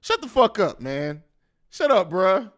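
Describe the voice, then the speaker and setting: A man's voice: high voice, a little slow, a bit bright. An American man hosting a casual post-game live stream, profane and slangy, who laughs a lot as he talks.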